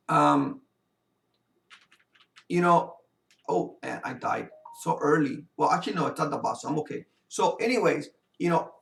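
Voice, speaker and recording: Gravelly man rambling through a story. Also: a little high. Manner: rambling, full of fillers. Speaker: gamer and video host. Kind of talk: casual storytelling while gaming. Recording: roomy sound from a distant mic.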